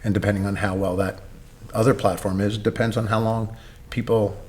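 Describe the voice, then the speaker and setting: A man's voice: on the low side, level tone, brisk, slight background noise. A middle-aged man from Brooklyn, a gym owner, telling a story in a casual interview and acting out the dialogue. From Brooklyn, New York. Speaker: gym owner, podcast guest.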